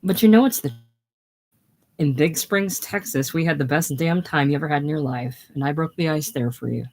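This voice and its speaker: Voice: medium pitch, normal speed, a little mellow, lightly acted. A reader doing a blustering brash young man. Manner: defensive, blustering. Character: boastful brash young male war buddy. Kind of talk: casual play reading.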